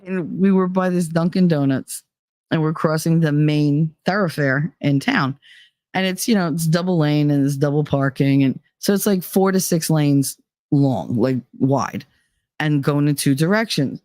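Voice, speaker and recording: Woman, host, low pitch, dry, casual storytelling, profane, laughing. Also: measured pace, a little mellow, no echo. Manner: candid and profane, laughing between lines. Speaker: podcast host.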